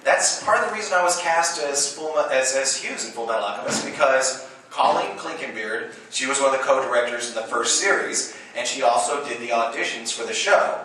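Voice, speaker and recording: A middle-aged man, a voice actor and convention panel guest, telling lively anecdotes with frequent laughter and acted-out quotes. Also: medium pitch, a little fast. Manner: animated storyteller, laughs often, quotes others. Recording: roomy hall recording from far off with noise.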